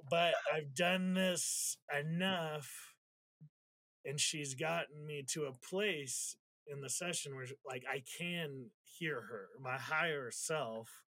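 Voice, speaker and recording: A man's voice: a little high, slow pace, sharp tone, no room sound. Candid, emotional man telling a story. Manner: candid, swears freely, acts out quotes; reflective, gets emotional while recounting. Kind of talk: casual storytelling conversation.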